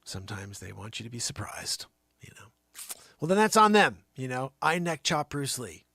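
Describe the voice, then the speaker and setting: Animated man doing improv comedy. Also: medium pitch, moderate pace, dry recording, clean studio sound. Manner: animated, swinging from loud outbursts to near-whispers. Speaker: livestream host and comedian. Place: home studio.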